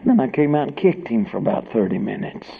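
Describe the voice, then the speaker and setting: A man preaching a sermon through humorous stories, swinging from hushed whispers to loud shouts. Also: fairly low pitch, expressive, brisk, vocal fry, husky. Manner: humorous, tells tall tales for laughs. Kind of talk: sermon storytelling. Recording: tinny phone-like band with faint noise.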